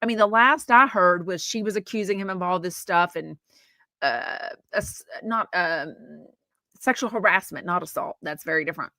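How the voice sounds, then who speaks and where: A podcast host from Texas chats about gossip, her voice on the low side with a sharp tone at normal speed. She rambles, with lots of fillers and asides, and the recording is dry.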